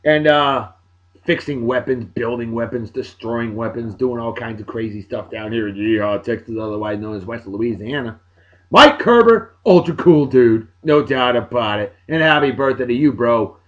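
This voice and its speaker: A man, hosting a show and giving chatty, upbeat shout-outs with playful asides. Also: medium pitch, normal speed, muffled recording. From Massachusetts, USA. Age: 40s. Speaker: video show host. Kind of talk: casual birthday shout-outs.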